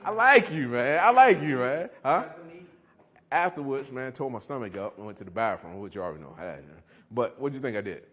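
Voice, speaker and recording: With a mid-range voice and a slightly quick delivery, a middle-aged recovery speaker motivates a live audience through animated storytelling, laughter and questions directed at his listeners.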